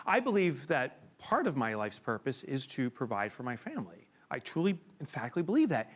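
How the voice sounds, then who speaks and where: A middle-aged man giving a keynote to a live audience in a room, telling a personal story with emotion and sudden loud exclamations. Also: mid-range voice, huge pitch swings, fairly quick, few pauses. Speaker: keynote speaker.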